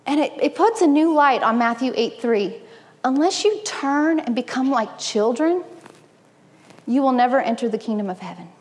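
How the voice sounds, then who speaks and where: High-voiced woman preaching in a reverberant hall. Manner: animated, personal and humorous preaching. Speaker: speaker at a church gathering. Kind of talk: sermon-style talk.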